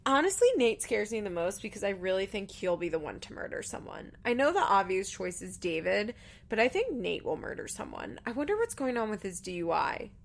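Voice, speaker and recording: A woman's voice: medium pitch, sing-song, a little fast, vocal fry. A woman hosting a podcast, chatting casually through a TV episode recap and laughing often. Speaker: podcast host.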